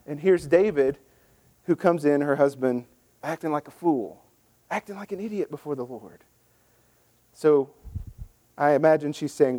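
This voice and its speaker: A man preaching a sermon in a lively, conversational way, acting out the people in the scripture story in voices. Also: fairly high pitch, a little slow, long pauses. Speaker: pastor.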